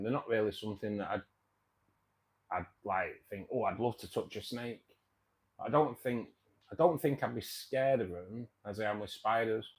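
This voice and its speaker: A man hosting a casual livestream, chatting with viewers in a rambling way, repeating himself and calling people mate. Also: medium pitch. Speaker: livestream host.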